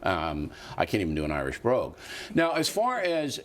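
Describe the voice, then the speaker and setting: A man's voice: lowish voice, wildly swooping pitch, normal speed. A man in his sixties hosting a TV news interview, talking bluntly and teasing his guest. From USA. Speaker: TV news host.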